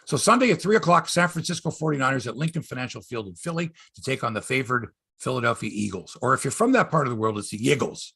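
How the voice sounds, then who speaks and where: Man, sports podcast host, gravelly, husky, lively swooping pitch, rambling jokey chat. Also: fast, few pauses.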